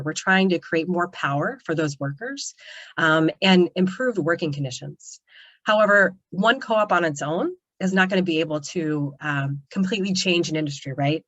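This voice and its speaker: A woman's voice: on the low side, a bit bright, no room sound, highs cut off. A woman giving an earnest webinar presentation on a video call, talking loosely with many "um" and "kind of" fillers. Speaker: co-op developer presenting.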